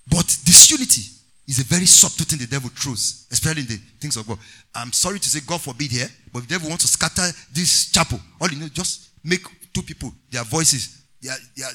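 A man's voice: fairly high pitch, pushed and bright. A man preaching a sermon in an emphatic, sing-song way, calling on the congregation to respond.

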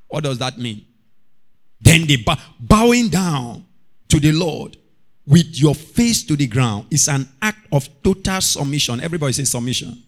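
Man, pastor, sermon, fairly high voice, call-and-response with the church. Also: animated, moderate pace. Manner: preaching with rising shouts and call-and-response.

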